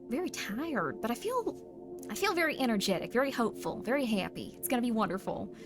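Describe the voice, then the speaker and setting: A woman's voice: a little high, big pitch swings, fairly quick. A woman streamer chatting casually with her audience in a rambling, playful, self-deprecating way. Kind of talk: casual livestream chat, reading chat messages. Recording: stream mix with music playing under the voice. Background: background music.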